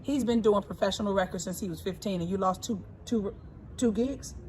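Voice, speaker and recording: A woman in her forties, talking casually and warmly about her husband, emphatic and repeating her points. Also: mid-range voice, fast, slight background noise. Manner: emphatic and repetitive, often repeating phrases. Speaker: co-host, singer. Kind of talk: casual heartfelt talk.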